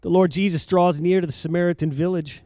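A man with a high voice delivers a dramatic sermon. He swings from hushed, quiet passages to loud, urgent calls, firing repeated rhetorical questions at his listeners. The sound is dry and close, with no room echo. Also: steady tone, quick pace. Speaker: preacher.

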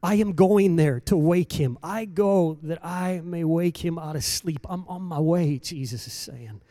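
A man preaching a sermon in a rhythmic, repetitive cadence, swinging between hushed lines and loud emphatic calls. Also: a little high, measured pace, dry recording.

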